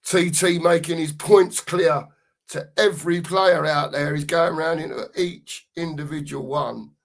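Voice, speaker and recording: A man's voice: on the high side, steady tone, vocal fry. A man co-hosting a live football watchalong, giving casual commentary and reading out chat messages with plenty of banter. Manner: banter-filled, drawn-out emphasis on goal calls.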